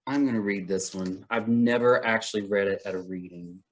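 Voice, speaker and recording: A poet reading his own poems aloud in a measured, deliberate way, with brief chat between poems. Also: on the low side. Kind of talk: poetry reading.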